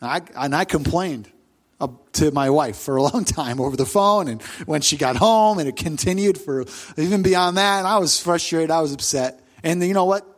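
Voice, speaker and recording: A middle-aged man preaching a sermon as pastor, telling the story with animation and loudly acting out the voices he quotes. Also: a little high, moderate pace.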